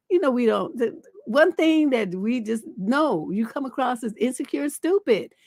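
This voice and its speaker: A fairly high-voiced middle-aged woman coaching on relationships in a livestream monologue. She talks bluntly and swears freely, acting out sharp comebacks in her stories. The sound is dry and close. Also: unhurried, gravelly, no room sound. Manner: blunt, profane, animated storytelling with acted-out retorts.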